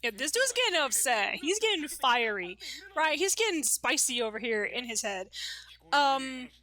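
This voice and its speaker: A woman reacting to an anime episode in casual, chatty commentary. Her voice is high and bright. She talks loosely and fills her sentences with "like" and "you know". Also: big pitch swings, moderate pace.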